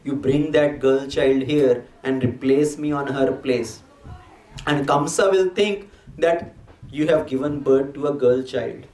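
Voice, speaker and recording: A man's voice: medium pitch, a little slow, a little mellow. A man telling a devotional scripture story in a sermon, explaining patiently and slipping in Hindi words. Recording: echoey hall, distant mic.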